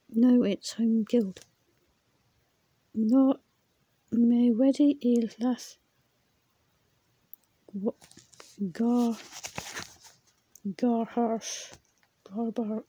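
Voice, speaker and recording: A woman slowly reading words from her exercise book, repeating them, stumbling and laughing at her own attempts. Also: a little high, steady tone, warm tone, slightly rough, dry recording. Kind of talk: slow read-aloud vocabulary practice.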